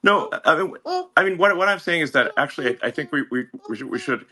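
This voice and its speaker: A man as a guest in a casual conversation, halting and stammering through many restarts. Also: a little high, animated, pushed and bright.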